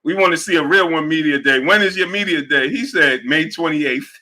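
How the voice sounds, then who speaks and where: Laughing, slangy sports show host, bright voice. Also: male voice, a little high, brisk. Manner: animated, laughs a lot, slangy, repeats himself. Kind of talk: casual livestream chat.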